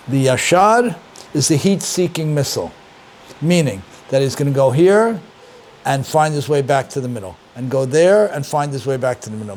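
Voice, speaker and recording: An older man, a rabbi, giving a conversational Torah lesson, emphatic and animated, repeating key words and asking his listeners questions. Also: medium pitch, a little hiss or hum. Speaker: rabbi and teacher.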